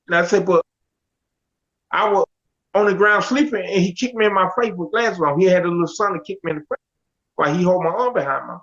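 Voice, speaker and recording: High-voiced man telling his story. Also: fairly quick. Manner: animated, quotes others in dialogue. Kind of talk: casual storytelling. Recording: dull lo-fi audio.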